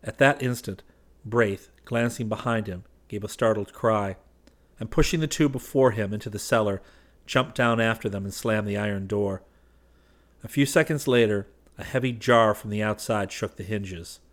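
A man narrating a story in a steady, measured reading. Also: on the low side. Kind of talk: audiobook narration.

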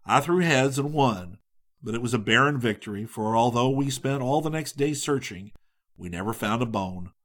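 A man narrating a humorous old travel tale in a mid-range voice. His reading is measured and steady, and his delivery stays dry and wry throughout. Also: mid-range voice. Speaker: audiobook narrator. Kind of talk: scripted narration.

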